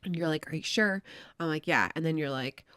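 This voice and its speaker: A woman in her thirties, co-hosting a candid couple's podcast, animated and laughing as she tells stories. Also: sits low, brisk, smooth, no room sound, clean studio sound. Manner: laughing, animated storytelling, swearing. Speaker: podcast co-host.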